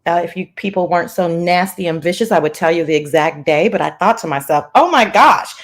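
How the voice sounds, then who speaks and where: A woman hosting a casual livestream chat from her laptop, sassy and playful, greeting viewers by name in a lively sing-song. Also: lowish voice, quick pace. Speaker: livestream host. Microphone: laptop mic.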